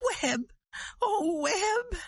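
Man playing high, lively young ranch woman, storybook read-aloud, dry close sound. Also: drawn-out words, no echo, heavily acted. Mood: urgent. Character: young female ranch owner, tender and commanding.

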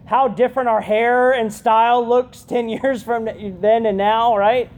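A woman giving a conversational youth sermon, often checking in with her listeners with a quick "right?". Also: on the high side, fairly even intonation, a little mellow. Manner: chatty, keeps asking "right?". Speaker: youth pastor.

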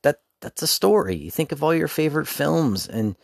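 A man's voice: on the high side, lively intonation, normal speed, creaky, dry recording, studio quality. A man hosting his own podcast, talking candidly and informally in a casual solo monologue. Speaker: podcast host.

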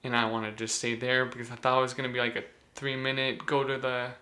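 A man's voice: medium pitch, little pitch movement, fast talker, sharp tone. A young man casually telling a rambling story with lots of fillers, laughing as he goes.

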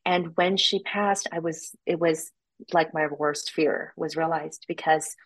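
Lower-voiced woman telling a personal story. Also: a little slow, rough recording. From United States. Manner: animated, acts out quoted voices with sudden jumps in pitch. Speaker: podcast guest. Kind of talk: casual interview storytelling.

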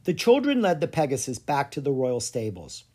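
An expressive storybook narrator with a pitch that swoops and lifts all through the reading. The tone is soft and breathy, with a mid-range voice. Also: normal speed. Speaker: audiobook narrator.

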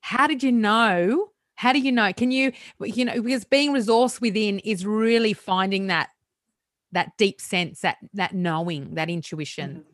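Gentle woman hosting a podcast. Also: medium pitch, a little slow, no echo, clean studio sound. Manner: gentle, encouraging questions. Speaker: podcast host. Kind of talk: interview conversation.

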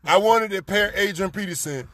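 A man telling a story in casual chat, animated and profane, laughing often and repeating lines for emphasis. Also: sits high, normal speed, no echo.

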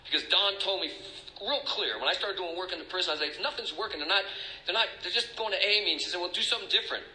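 A man's voice: high-pitched, quick pace, pushed and bright, echoey room, slight background noise, rough recording. A middle-aged man speaking as a recovery speaker, emotional and confessional, rambling with restarts. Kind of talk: personal testimony talk.

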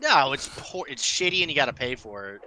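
A man co-hosting a casual podcast, animated and swearing, breaking into silly voices. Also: medium pitch, fairly quick, a crowd in the background. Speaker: podcast co-host. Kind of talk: casual chat among friends.

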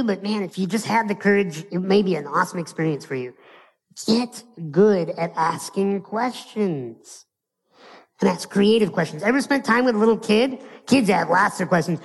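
A motivational speaker from the United States giving an animated live keynote, asking his audience rhetorical questions and acting out little scenes. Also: high-pitched, normal speed, creaky, big-room sound, poor audio.

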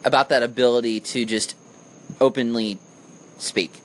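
A man's voice: mid-range voice, steady tone, unhurried, fairly bright tone, slight background noise. A man co-hosting a podcast in casual chat, teasing his partner with dry remarks. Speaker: podcast co-host.

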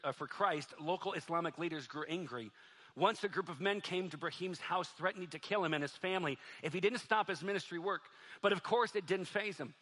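A male pastor preaching a sermon in a church, moving between loud, fervent stretches and soft, quiet appeals to the congregation. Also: fairly high pitch. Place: church sanctuary.

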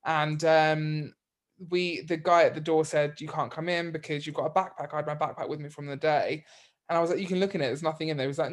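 Rambling man with a higher voice. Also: steady tone, fast. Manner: rambling, with many fillers. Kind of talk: casual storytelling chat.

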